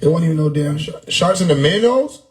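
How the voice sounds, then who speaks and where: A man hosting a live stream, riffing loudly on chat comments with frequent laughter and profanity. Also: a little high, expressive, fairly quick, poor audio. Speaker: livestream host reading chat. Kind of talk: casual livestream chat. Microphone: phone or desktop mic on a live stream.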